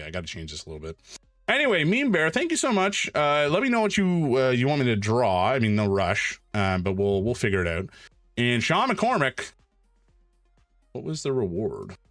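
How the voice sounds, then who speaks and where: Male streamer, casual live chat; excitable and rambling, pitch leaping all over, dry close sound, faint music underneath. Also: no room sound. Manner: excitable, rambling and self-mocking, with sudden loud exclamations.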